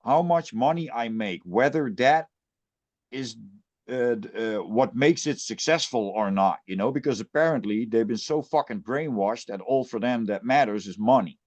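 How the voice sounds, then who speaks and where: A man's voice: medium pitch, lively intonation, normal speed, darkish tone, dull audio. A man who plays in a death metal band, ranting bluntly and with plenty of swearing in a casual podcast chat.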